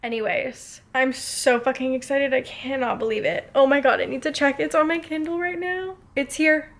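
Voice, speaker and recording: A young adult woman chatting casually in a book vlog, excitable and gushing, swearing freely as she talks. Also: high voice, normal speed. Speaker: book vlogger.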